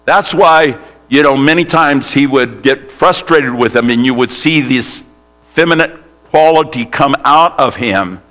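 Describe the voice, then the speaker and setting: A man's voice: mid-range voice, measured pace, a bit bright. A male pastor preaching a sermon in a church, putting questions straight to the congregation. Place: church sanctuary.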